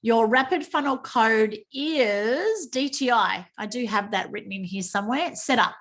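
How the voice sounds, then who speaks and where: An Australian woman hosting a team training call, chatty and quick to joke at her own typing slips. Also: a little high, expressive, fairly bright tone. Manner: chatty, self-mocking, exclaims over slips. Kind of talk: screen-share training call. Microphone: video call.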